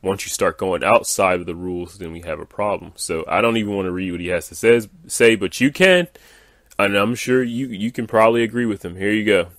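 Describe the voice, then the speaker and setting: Reading viewer comments aloud, a gaming video creator lets loose an exasperated, dismissive rant, peppered with plenty of "uh" and "like." His very deep voice has a fairly bright tone and moves a little fast, captured dry and close to the microphone.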